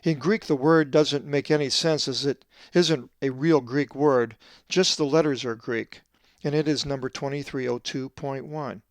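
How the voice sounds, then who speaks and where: In a clean, dry studio recording, a Bible translator with a mid-range voice and fairly even intonation teaches Greek letters and pronunciation. His scripted lesson is methodical, with slow, drawn-out stress on the Greek words.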